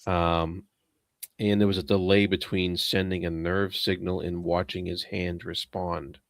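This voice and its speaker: A very deep-voiced man talks his way through a book discussion, rambling and hesitant and full of fillers. He laughs at himself as he goes. The recording is dry and close. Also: level tone, unhurried, no room sound. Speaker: book club member.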